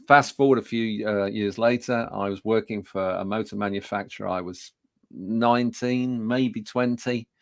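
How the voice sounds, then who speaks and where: In a clean studio recording free of room sound, a man in his 60s from Birmingham, England, speaks with a fairly low voice and vocal fry. He's a public speaking trainer telling an audience self-deprecating stories in a business talk, with many fillers and restarts.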